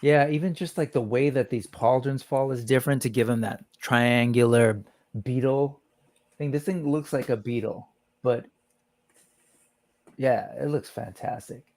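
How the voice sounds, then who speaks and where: A man's voice: mid-range voice, measured pace, darkish tone. A man hosting a casual livestream, chatting about toy reveals and greeting viewers in the chat by name. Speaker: livestream host.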